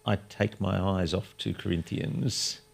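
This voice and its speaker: Gravelly deep-voiced male host. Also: steady tone, measured pace. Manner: candid, asks probing questions. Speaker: podcast host. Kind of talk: conversational interview.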